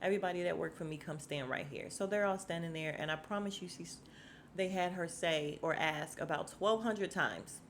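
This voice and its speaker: A woman's voice: on the low side, lively intonation, moderate pace, fairly bright tone, slight background noise. A woman hosting a casual podcast, chatting her way through a TV episode recap and retelling scenes in quoted voices. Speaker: podcast host recapping a TV show.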